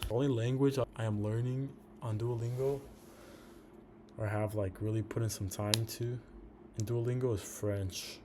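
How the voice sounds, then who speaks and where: Speaking at a normal speed in a lowish voice with fairly even intonation, a day trader rambles casually through a profane rundown of his trades. A retainer gives him a slight lisp, he says "bro" often, and the background is noisy.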